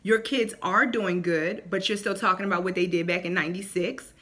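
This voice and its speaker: Bright-voiced woman giving faith advice. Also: lowish voice, fairly quick. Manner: animated, acts out quotes in voices. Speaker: faith vlogger. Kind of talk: casual faith talk to camera.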